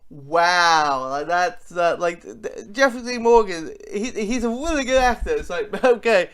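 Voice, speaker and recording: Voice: mid-range voice, lively intonation, moderate pace. An enthusiastic movie reviewer who talks casually and rambles, restarting sentences often. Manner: rambling, with many fillers and restarts.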